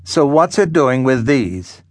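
A male audiobook narrator voicing an elderly woman poet who snarls and speaks with sharp, cutting scorn. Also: mid-range voice, sing-song, takes it slowly, no echo, clean studio sound. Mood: snarling. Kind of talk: audiobook character voice.

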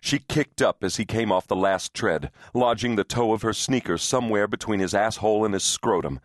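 A man narrating an unabridged thriller audiobook in a steady, tense storytelling voice. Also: lowish voice, brisk, no room sound, clean studio sound.

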